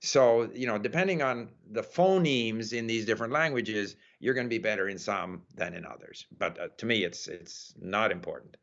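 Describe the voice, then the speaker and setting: A man giving thoughtful, conversational answers as an interview guest, pausing often with "uh" and "you know.". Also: lowish voice, expressive, fairly bright tone. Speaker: interview guest, language learner. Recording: dull lo-fi audio.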